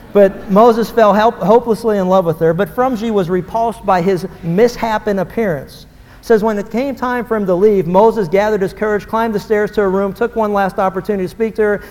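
A man's voice: high voice, darkish tone. A man preaching a fervent, emphatic sermon, acting out quoted dialogue as he goes. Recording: long hall reverb.

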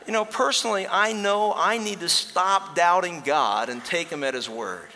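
A man preaching a sermon with a bright, forceful voice that sits a little high for a man. He is earnest and slows down to stress key words. His voice carries a long reverb, like a church sanctuary. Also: a little hiss or hum. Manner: earnest preaching, slows for emphasis, rises to act out a story. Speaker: pastor.

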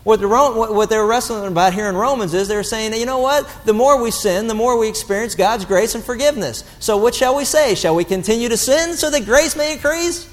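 A man preaching a sermon as pastor, animated and blunt, mocking the excuses he quotes. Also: extremely high pitch, a little fast, few pauses, long reverb tail.

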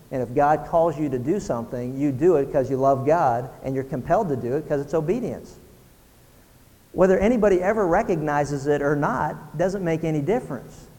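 A man pastor preaching a sermon, building from quiet talk to loud shouting and firing rhetorical questions. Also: on the high side, big-room sound.

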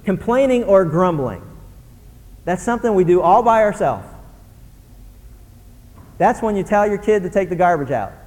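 Animated preacher man in a reverberant hall. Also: sits high, normal speed, pauses often. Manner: animated, mimics grumbling voices. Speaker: pastor. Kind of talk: sermon.

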